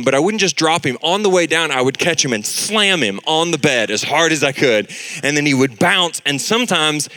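A man in his thirties preaching a sermon, telling a family story with lively acted-out voices. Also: mid-range voice. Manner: animated storytelling, acting out voices. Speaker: pastor.

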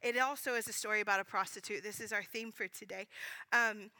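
A woman preacher giving a sermon, telling a story in an animated, earnest way with frequent restarts. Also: mid-range voice, fairly quick, no room sound, poor audio.

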